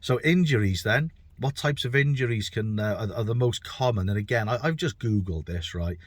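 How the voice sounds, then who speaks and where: This is a middle-aged British man, a bricklayer, delivering a casual podcast monologue of his own in a chatty, self-deprecating, rambling manner, often repeating words mid-thought. He speaks on the low side at a moderate pace, with no echo.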